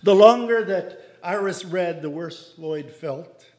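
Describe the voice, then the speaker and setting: A man reading a devotional story aloud in a measured way, acting out the characters, in a reverberant hall. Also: high voice, darkish tone.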